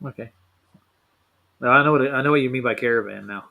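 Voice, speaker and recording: A man's voice: medium pitch, fast, creaky, pushed and bright. A man chatting casually as a podcast host, laughing often and teasing his guests. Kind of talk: casual chat.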